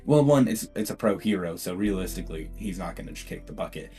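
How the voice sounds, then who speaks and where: A young man tells a what-if story in a casual, rambling way, often laughing and correcting himself. His voice is fairly low, with faint guitar music playing underneath. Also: expressive, quick pace, mellow.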